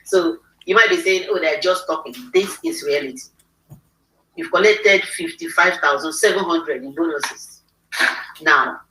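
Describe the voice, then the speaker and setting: Excitable woman hosting, echoey room. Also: deep voice, noisy background. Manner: excitable, rallying the audience. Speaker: host. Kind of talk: livestream interview. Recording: echoey room, mic far off.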